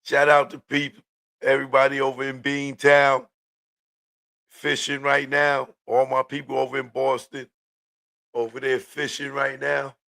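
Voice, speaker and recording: A New man hosts a casual live show in a gravelly, unhurried voice. He rolls through street slang and shout-outs at an easy pace, with his pitch sitting in a middle range. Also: completely flat delivery. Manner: laid-back, hypes viewers, drawn-out street slang. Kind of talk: casual live-stream commentary.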